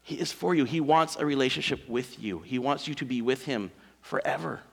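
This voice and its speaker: A male pastor preaching a sermon, emphatic, with dramatic pauses and big swings between loud and soft. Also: medium pitch, creaky, husky.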